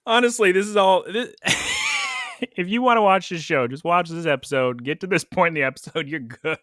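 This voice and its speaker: A man's voice: high voice, a little slow, pauses often, fairly bright tone, no room sound, studio quality. A man co-hosting a podcast, recapping a cartoon episode in casual, opinionated chat and laughing often. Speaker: podcast co-host.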